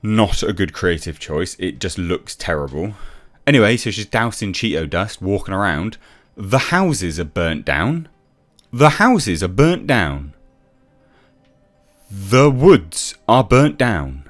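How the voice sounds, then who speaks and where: Exasperated guy ranting a show review, lowish voice that swings all over, some faint music behind. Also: animated, unhurried, hardly any pauses. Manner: sarcastic, exasperated, swears freely.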